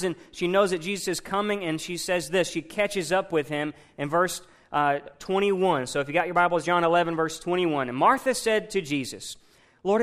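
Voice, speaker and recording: A man with a high, somewhat bright voice preaches a sermon conversationally. He retells a Bible story and puts questions to his congregation.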